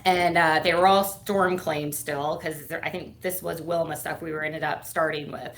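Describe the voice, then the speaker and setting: Low-voiced woman telling her story. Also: fairly even intonation, moderate pace, fairly bright tone. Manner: chatty, many fillers, acts out quoted dialogue. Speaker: guest, firm owner and CEO. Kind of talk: casual interview storytelling.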